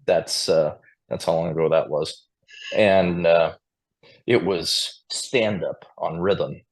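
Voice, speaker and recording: Deep-voiced guy from montana, square dance caller, rambling friendly stories on a podcast. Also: slow. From Montana, USA. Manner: chatty anecdotal storyteller, chuckling now and then. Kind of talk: casual storytelling interview.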